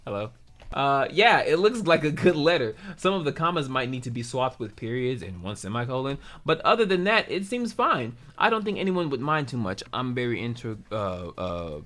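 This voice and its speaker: A man's voice: mid-range voice, very animated, normal speed, a bit bright. A man telling a story in a casual vlog, swearing freely, with lots of stumbles and restarts. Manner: profane, rambling, lots of restarts. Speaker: YouTuber.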